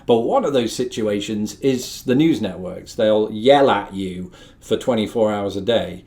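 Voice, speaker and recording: A man's voice: on the low side, unhurried, darkish tone. A young man from the North of England, hosting a casual chat to camera with wry, self-deprecating asides. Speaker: host.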